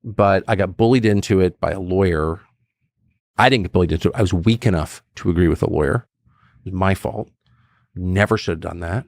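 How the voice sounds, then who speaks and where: A middle-aged man talking as a podcast guest, blunt and animated, acting out quotes with sudden high bursts. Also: a little fast, vocal fry, no echo, studio quality. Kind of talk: casual conversation.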